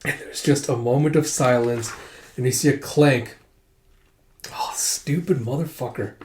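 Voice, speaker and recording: A man's voice: mid-range voice, measured pace, darkish tone, a little hiss or hum. A man reading a comic book aloud and reacting with profane commentary. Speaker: comic readthrough host. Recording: echoey room.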